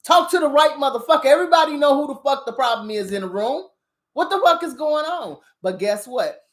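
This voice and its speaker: A woman with a somewhat high-pitched voice delivers a fiery commentary rant. She's blunt and profane, hammering every point with emphasis as she talks directly to her audience. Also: expressive, fairly quick. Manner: talks straight at the viewer. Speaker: spiritual commentator on current events. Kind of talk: heated political rant.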